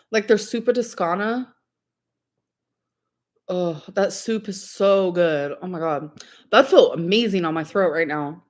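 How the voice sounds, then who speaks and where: A woman's voice: medium pitch, animated, measured pace. A young woman chatting casually on a livestream, rambling and giggling, full of "like" and "um".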